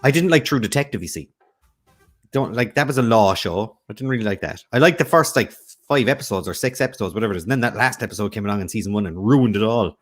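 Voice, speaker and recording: A man's voice: lowish voice, animated, fast. A man hosting an online quiz, chatting casually and rambling between jokes. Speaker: quiz host. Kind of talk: casual livestream chat.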